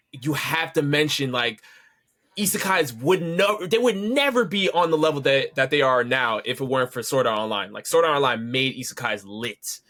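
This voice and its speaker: Podcast co-host, male, bright tone, animated slangy delivery. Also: a little high. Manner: animated, repeats himself, slangy. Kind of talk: casual chat.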